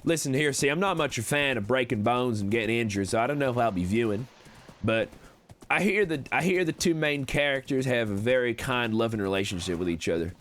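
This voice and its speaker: A man's voice: medium pitch, animated, fairly quick, fairly bright tone, slight background noise, lightly acted. A man putting on a folksy Western conman drawl. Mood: scheming. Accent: put-on American Western drawl. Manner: folksy, wheedling salesman patter. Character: slick smooth-talking cowboy conman, adult male. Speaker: streamer in a roleplay series. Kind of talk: live-streamed game roleplay.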